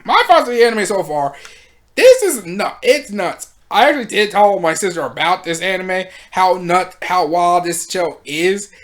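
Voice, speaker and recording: A woman recapping anime episodes in casual commentary, with slangy and animated storytelling. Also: on the low side, moderate pace. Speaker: anime reviewer.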